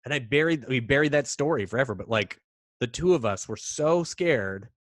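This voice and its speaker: Animated man telling a spooky story. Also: mid-range voice, moderate pace, dry recording, clean studio sound. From Canada. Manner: animated, dramatic, mimics bangs and gasps. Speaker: podcast guest. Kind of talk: casual storytelling.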